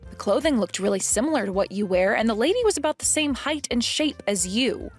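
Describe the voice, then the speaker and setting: A woman's voice: on the high side, big pitch swings, a little fast, husky, soft background music. A woman playing a firm young wife. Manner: firm, questioning, earnest. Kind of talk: animated story voice acting.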